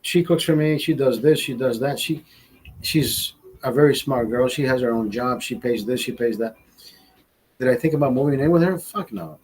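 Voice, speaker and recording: A man's voice: mid-range voice, normal speed, husky, poor audio. A man in his forties telling a crude personal story on a podcast, swearing constantly and acting out what others said. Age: 40s. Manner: profane, animated, acts out quoted voices. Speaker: podcast host. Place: studio.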